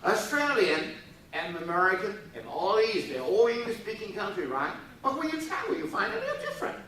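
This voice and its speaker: A man lectures students with big swoops of pitch, jumping from high squeaks to low murmurs as he acts out quick exchanges. He sits well back from the microphone, so his voice comes through a boomy, reverberant hall. Now and then he prods the room to laugh along. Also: a little hiss or hum. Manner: animated, acts out dialogues in funny voices; coaxes the audience to laugh and repeat. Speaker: forum speaker. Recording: echoey hall, voice from far off.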